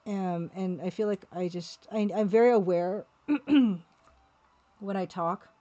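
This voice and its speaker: A woman's voice: mid-range voice, takes it slowly, mellow, muffled recording. Rambling Canadian woman streaming. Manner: rambling, self-deprecating, talks to her chat. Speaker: artist streaming her work. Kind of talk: casual livestream chat while drawing.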